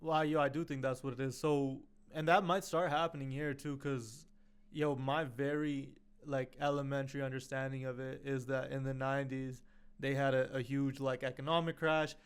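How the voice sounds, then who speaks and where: A man's voice: mid-range voice, level tone, normal speed, smooth. A man co-hosting a casual podcast as the producer, talking in a laid-back, slangy way. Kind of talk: casual comedy podcast chat.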